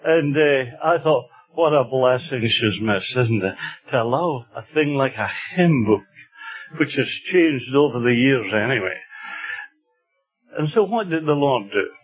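A man from Scotland preaching a sermon in an earnest, unhurried way, building to emphatic passages. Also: medium pitch, expressive. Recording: dull lo-fi recording.

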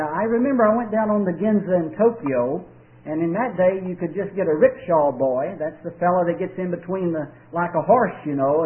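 Folksy high-voiced preacher on tinny radio. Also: male voice. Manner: folksy storytelling with drawn-out emphatic pauses. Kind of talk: sermon. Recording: tinny old radio broadcast.

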